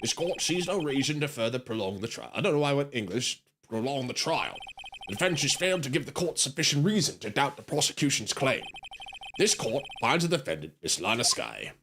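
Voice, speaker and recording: A player voicing a stern, weary old male judge who hands down gruff, deep rulings. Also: sing-song, a little fast, noisy background. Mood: stern, final. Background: game music.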